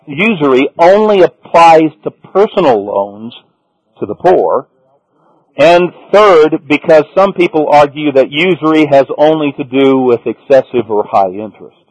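A man's voice: medium pitch, a little mellow, dry recording, poor audio. A man teaching a Bible sermon, reading passages aloud and then stressing his points one by one. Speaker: preacher.

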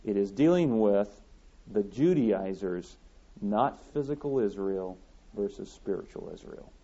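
A man's voice: on the low side, expressive, measured pace, warm tone. A man preaching a sermon, emphatic and repeating his key points, reading scripture aloud as he argues. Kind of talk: sermon teaching from a recorded tape. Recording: dull lo-fi tape recording.

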